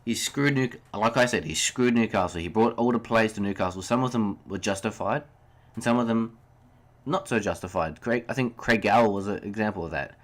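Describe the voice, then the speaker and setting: A young man talks alone into a home podcast mic, his voice sitting a little low. He rants heatedly, swears, then says sorry and keeps going. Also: fairly quick. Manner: heated, ranting, swears and apologizes. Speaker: podcast host. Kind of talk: solo sports podcast rant.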